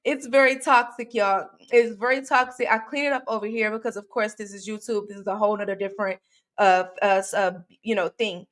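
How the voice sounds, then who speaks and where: Speaking quickly with a medium pitch and steady tone, a true crime livestream host chats directly with her viewers. She rambles casually, restarting and using fillers often, and reads their comments aloud.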